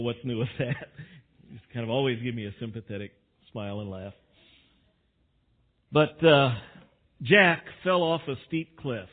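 A man preaching a sermon as a church pastor, in a slow, relaxed delivery. He talks in a folksy way and jokes at his own expense. The recording is thin and phone-like. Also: on the high side. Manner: unhurried, folksy, with self-deprecating humor. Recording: tinny phone-like sound.

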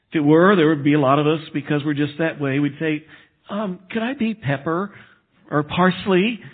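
A man from Texas, a pastor, preaching a sermon in a conversational way and slowing down to stress key phrases. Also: a little high. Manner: conversational preaching, slows for emphasis. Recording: phone-like narrow band.

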